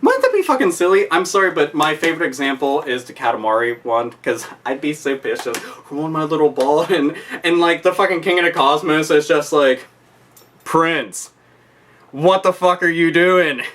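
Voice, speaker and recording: A man's voice: on the high side, animated, fairly quick, few pauses, fairly bright tone. A man ranting to camera as a YouTuber, swearing constantly and repeating his points with heavy emphasis. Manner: profane, emphatic, repetitive. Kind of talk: angry rant vlog.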